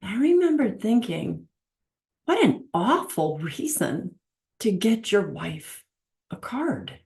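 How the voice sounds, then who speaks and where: A woman's voice: medium pitch, sing-song, slow pace, a little mellow. A middle-aged woman giving a casual, earnest teaching talk on faith and marriage, acting out the voices she quotes and driving her points home through repetition.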